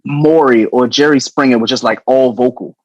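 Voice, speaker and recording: A middle-aged man co-hosting a podcast, chatting loosely and profanely with animated storytelling. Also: medium pitch, moderate pace, no room sound, highs cut off. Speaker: podcast co-host. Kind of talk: casual podcast chat.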